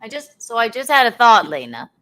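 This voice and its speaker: A woman's voice: fairly high pitch, big pitch swings, brisk, pushed and bright, no echo. A woman hosting a comedy podcast, teasing and bossing her co-host around in playful banter. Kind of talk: casual comedic chat.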